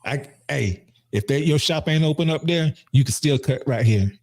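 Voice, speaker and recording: A man's voice: fairly high pitch, normal speed, a little mellow. A man hosting a casual podcast, talking earnestly and often repeating and restarting his words. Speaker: podcast host and barber. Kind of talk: casual heartfelt conversation.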